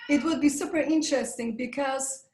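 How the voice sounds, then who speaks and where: High-voiced woman coaching in an echoey room. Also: moderate pace. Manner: encouraging, leads breathing and vocal warm-ups. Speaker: webinar presenter, voice coach. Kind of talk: live webinar coaching.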